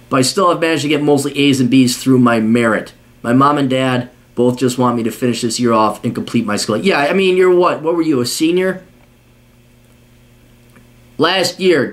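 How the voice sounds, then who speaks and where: A man's voice: mid-range voice, moderate pace. A man reading a listener's letter aloud on his podcast and breaking off into angry, profane, scornful rants. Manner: scornful, swearing, shouting bursts.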